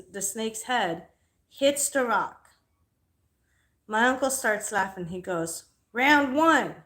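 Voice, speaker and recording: A young woman hosting a livestream, telling a story in a casual, animated, profane way. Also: medium pitch. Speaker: livestream host.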